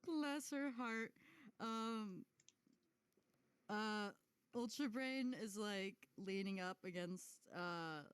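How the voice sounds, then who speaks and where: A woman narrating as game master in a halting, giggly way with lots of fillers. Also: medium pitch, clean tone, no room sound.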